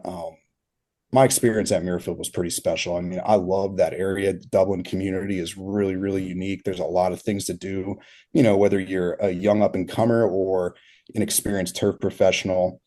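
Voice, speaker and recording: A man's voice: sits low, flat delivery, fairly quick, mellow. A man in his thirties, a turf consultant as a podcast guest, telling rambling stories full of fillers and laughs. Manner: rambling, filler-heavy storytelling with frequent laughs. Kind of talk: casual interview storytelling.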